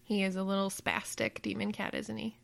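A woman hosts a relaxed family chat, playful and upbeat. She laughs easily and keeps the questions coming. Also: medium pitch, fairly quick, creaky. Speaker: host asking a child questions.

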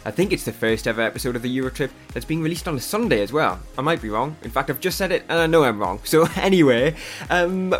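Man, podcast host, casual and chatty, mid-pitched voice. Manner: chatty, laughs between lines.

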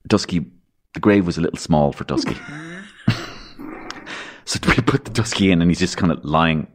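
With a low, slightly rough voice and a moderate pace, an Irish man on a podcast spins rambling stories from his childhood. His humour runs dark, and he acts out the voices of the people involved.

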